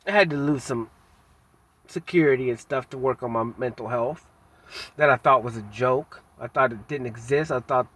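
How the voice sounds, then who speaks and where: Husky-voiced man musing bluntly. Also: mid-range voice, a bit bright. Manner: halting, reflective, with frequent pauses and fillers; blunt and self-critical, casual slang. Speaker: vlogger. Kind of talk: candid personal monologue.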